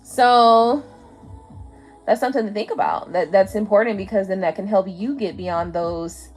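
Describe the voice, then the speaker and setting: A woman's voice: medium pitch, moderate pace, faint music behind. A woman hosting a tarot live stream, talking casually and bluntly with lots of profanity, a little drunk, lying down at home and speaking into her tablet's mic. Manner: blunt, profane, chatty, laughs often. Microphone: tablet camera mic.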